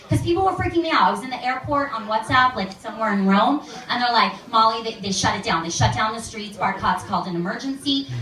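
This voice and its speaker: Bright and forceful, with a fairly high pitch, a young woman's voice carries her stand-up set at a comedy club, chatty and heavy on "like" as she impersonates other people. The echoey recording has a distant mic and a laughing live crowd.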